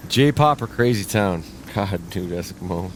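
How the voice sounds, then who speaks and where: A man's voice: sits low, expressive, a little slow, noisy background. A man streaming a video game, chatting casually and tipsy from drinking, with a profane, rambling, self-mocking manner. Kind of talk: casual live-stream chat. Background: game music.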